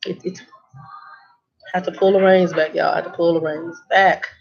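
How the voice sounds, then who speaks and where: A trucker vlogs casually, her lowish, creaky voice moving at a moderate pace over a dull, lo-fi recording. Her storytelling is animated, sarcastic and blunt.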